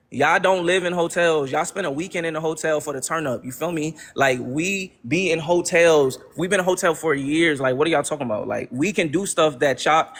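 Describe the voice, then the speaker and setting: A man's voice: a little high, a bit bright. A young man hosting a livestream, ranting to his chat in casual slang and repeating exasperated rhetorical questions. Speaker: livestream host.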